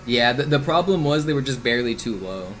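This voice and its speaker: A man's voice: mid-range voice, animated, brisk. A man streaming a game speedrun, chatting casually with viewers and thinking aloud about tricks. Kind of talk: casual live-stream commentary. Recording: voice over game audio with music.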